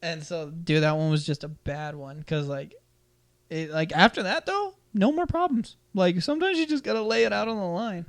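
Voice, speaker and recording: Young dude on a podcast, kinda high voice, swearing a ton, loud when he acts out what people said. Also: moderate pace. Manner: animated, profane, acts out quotes loudly. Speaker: podcast host. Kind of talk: casual storytelling chat.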